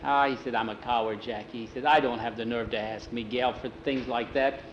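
A man's voice: medium pitch, a little fast, highs cut off. Folksy male storyteller in a roomy space. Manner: relaxed folksy telling, slips into broken-English character voices. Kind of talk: oral storytelling, voicing characters. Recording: roomy, faint ambient noise.

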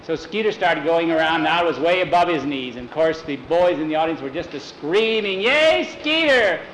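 A man telling a folksy story in a lively way, putting on voices for each figure. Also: fairly high pitch, quick pace. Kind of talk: oral storytelling. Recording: roomy echo, faint noise.

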